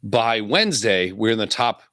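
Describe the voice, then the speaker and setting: A man's voice: fairly low pitch, expressive, normal speed, fairly bright tone, no echo, studio quality. A man co-hosting a podcast, talking casually and swearing freely, with frequent chuckles. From Illinois. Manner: laid-back, profane, chuckles often. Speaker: podcast co-host.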